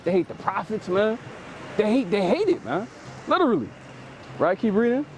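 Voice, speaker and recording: A man's voice: high voice, moderate pace, a little hiss or hum. A man preaching outdoors, explaining scripture in loose street slang and tagging phrases with "man". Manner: lively and emphatic, paraphrases scripture in street speech.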